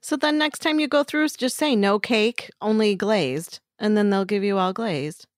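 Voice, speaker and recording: A woman's voice: a little high, expressive, a little fast, no echo, clean studio sound. A middle-aged woman co-hosting a podcast in casual chat, chatty and crude, laughing often.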